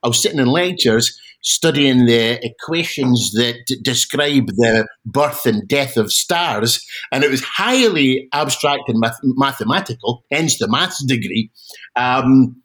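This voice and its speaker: A middle-aged Scottish man, a guest auctioneer, telling stories in a casual interview with animated, self-deprecating restarts. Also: mid-range voice, a little slow, poor audio. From Scotland.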